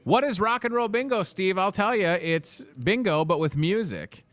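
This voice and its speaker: A young man hosting a grocery store's daily video, energetic, jokey and rambling, recorded in the store. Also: sits high, moderate pace, no room sound. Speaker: host.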